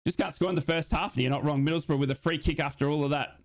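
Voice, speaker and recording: A man giving excitable live football commentary during a watch-along, his voice jumping high in big moments as he reads out and answers viewer comments. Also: fast talker. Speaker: football fan commentator and streamer.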